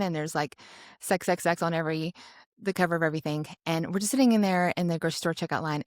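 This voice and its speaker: A woman in her forties tells a story in a chatty, animated way. Her voice sits low, and the recording is close and dry with no room sound. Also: no echo. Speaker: podcast co-host. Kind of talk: casual storytelling chat.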